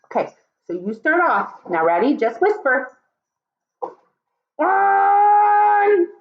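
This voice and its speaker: A woman teaching a video lesson to young children from home, talking in an animated, sing-song way. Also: a little high, normal speed, highs cut off. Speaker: kindergarten teacher.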